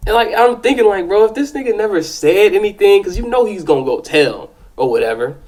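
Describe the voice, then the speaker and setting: Man, somewhat high voice, loose profane storyteller, keeps checking the listener is with him. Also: animated, brisk, a little mellow. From South Side of Chicago. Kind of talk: casual spoken storytelling.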